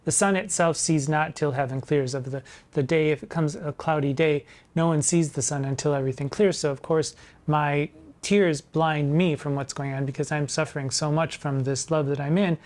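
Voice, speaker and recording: Arch, campy man discussing sonnets. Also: a little high. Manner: arch, campy, playful, with slow emphatic recitation of quoted lines. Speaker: drag performer hosting a sonnet discussion. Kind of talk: scripted literary commentary.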